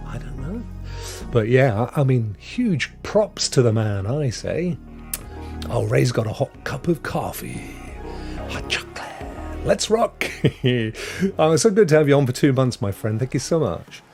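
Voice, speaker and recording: Hosting a live stream, a middle-aged man speaks in a mid-range voice with a dark tone. He reads through viewer comments, chatting and welcoming each viewer by name.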